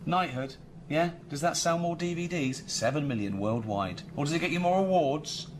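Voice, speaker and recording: An actor with a Reading accent playing a vain, self-important male comedy star in a sitcom, with a deadpan delivery. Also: on the high side, normal speed, a little hiss or hum, lightly acted. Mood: smug. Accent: Reading, England. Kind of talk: sitcom acting.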